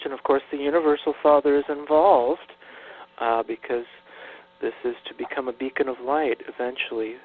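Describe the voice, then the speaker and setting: A man speaking as a guest minister in a radio interview, earnest and hesitant, with many fillers and restarts. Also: medium pitch. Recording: tinny phone line with mains hum.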